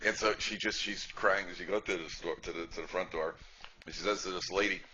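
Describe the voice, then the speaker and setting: In a dull, lo-fi lecture recording with faint noise, a male rabbi gives a humorous class full of stories. His low-pitched voice is bright and forceful, fairly quick, with fairly even intonation. He's chatty, repeats phrases, and keeps asking the audience "right?"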